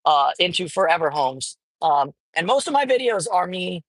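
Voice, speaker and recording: A woman's voice: lowish voice, big pitch swings, normal speed, dry recording, poor audio. A woman vlogging casually while driving, rambling with lots of fillers and swearing now and then inside a car. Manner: rambling, profane, many fillers.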